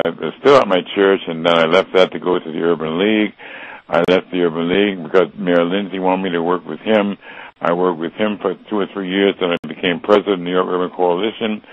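A man's voice: low-pitched, steady tone, a little fast, dry recording. An older American man telling his life story in an interview, earnest and reflective, often restarting his sentences. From United States. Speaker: interview guest. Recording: dull lo-fi dry recording.

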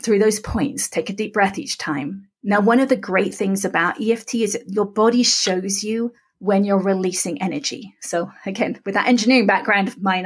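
A middle-aged woman speaks with a husky, slightly breathy tone at a middle pitch. She explains things methodically, step by step, and calmly repeats the practice phrases aloud. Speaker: podcast guest. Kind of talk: calm step-by-step instruction.

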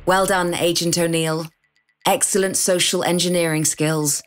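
Low-voiced woman narrating a spy podcast. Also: steady tone, normal speed, faint music behind. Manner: direct address to the listener, posing questions. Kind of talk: scripted narration.

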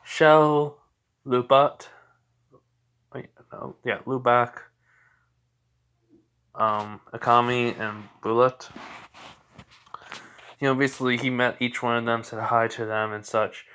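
A man's voice: medium pitch, fairly even intonation, measured pace, a bit bright, slight background noise. A young man casually retelling a fan story, rambling with many fillers and restarts.

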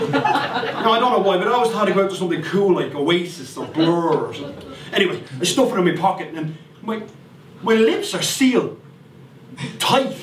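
A man with a Dublin accent performing a comic monologue, telling a profane story with animated outbursts. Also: high voice. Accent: Irish, Dublin. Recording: roomy, distant recording with faint noise.

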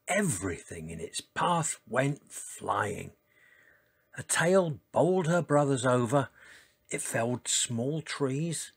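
A man reads a picture-book story aloud, slow and unhurried, with a slightly husky tone. His pitch swings widely as he voices the characters. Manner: lively, expressive reading with voiced characters. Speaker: storyteller reading to children. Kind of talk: children's story reading.

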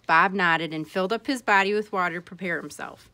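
A woman reading a picture book aloud for children, greeting them warmly and giving each character a voice. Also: mid-range voice, fairly quick, few pauses. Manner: expressive, animated character voices. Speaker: storytime reader. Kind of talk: read-aloud storytelling for children.

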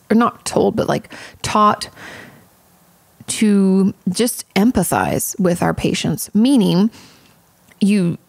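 A woman therapist talking through listener questions in a loose, chatty way, frank and a little irreverent. Her mid-range voice has a gravelly, fry-laden edge. The sound is close and dry, with no room around it. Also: mid-range voice, darkish tone, dry recording. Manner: chatty, frank, swears casually, many fillers. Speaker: podcast host and therapist. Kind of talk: casual advice podcast.

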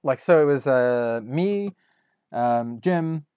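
A man's voice: mid-range voice, lively intonation, slow pace, dark tone, clear, resonant tone, no room sound, studio quality. A man hosting a podcast, chatting casually with lots of fillers and restarts. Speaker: podcast host.

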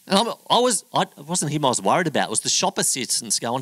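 A man's voice: high-pitched, lively intonation, fast, fairly bright tone, no echo, rough recording. A middle-aged man preaching a sermon, telling a story in a chatty, humorous way and acting out the other people's voices. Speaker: pastor.

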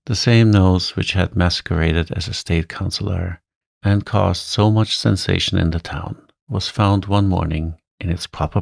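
Man, very low voice, gravelly, calm bedtime story reading, dry close sound. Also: no echo. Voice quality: soft, soothing, gravelly.

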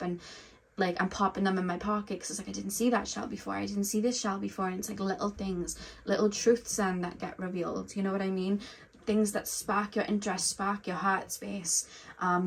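A young woman giving a casual tarot reading, talking in a loose, rambling way and often saying "like" and "I feel like". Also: medium pitch. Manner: rambling, heavy use of "like" and "I feel like". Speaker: tarot reader.

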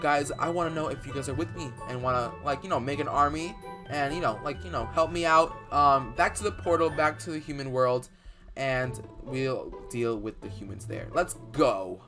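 A young man doing dramatic Minecraft role-play commentary, excitable and rambling with fillers, bursting into loud outbursts. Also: medium pitch, moderate pace. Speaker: YouTuber playing a bee in Minecraft. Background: faint background music.

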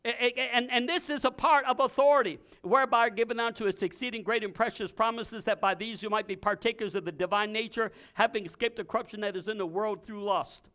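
A man preaching a sermon as pastor, emphatic, repeating phrases in bursts and now and then shouting commands. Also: high-pitched, steady tone, fast talker, hardly any pauses.

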